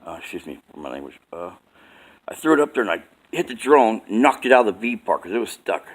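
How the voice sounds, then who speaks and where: A man's voice: fairly low pitch, very animated, fast talker. A man telling a rambling story at home at bedtime, casually, repeating himself and saying "man" a lot.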